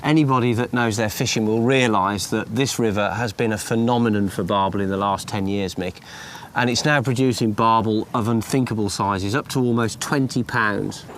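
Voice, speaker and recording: A man's voice: fairly low pitch, moderate pace, hardly any pauses, a little hiss or hum. A man presenting a fishing show outdoors by the water, explaining things in an encouraging, matey way. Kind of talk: casual fishing commentary.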